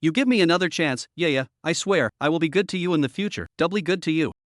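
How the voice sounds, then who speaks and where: A stammering young man begs to be taken back, tripping over his own words , as a male reader voices him. The delivery is quick and set close to a dry mic. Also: on the high side, lively intonation, fairly bright tone, no echo. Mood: groveling. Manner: stammering, begging. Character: groveling young male ex-boyfriend, pleading.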